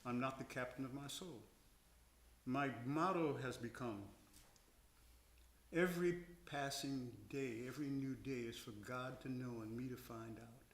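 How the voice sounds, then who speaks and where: A veteran opera tenor, now older, talks thoughtfully and slowly about singing at a Q&A on a concert house stage, illustrating with the occasional short sung example. His medium-pitched voice carries plenty of reverb.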